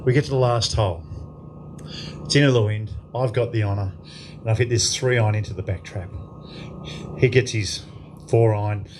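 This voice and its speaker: A man's voice: fairly low pitch, normal speed, long pauses, background noise. An Australian man in his fifties telling a profane story as an after-dinner guest speaker in a club function room. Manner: profane, lively anecdote telling to a crowd.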